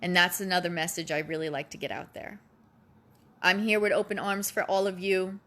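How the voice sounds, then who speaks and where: Mom talking straight to other parents, emotional, almost crying, bright sharp voice. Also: female voice, lowish voice, level tone, a little fast. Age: adult parent of a child. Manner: earnest, pleading, repeats for emphasis. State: near tears. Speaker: vlogger speaking to parents. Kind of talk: emotional personal address.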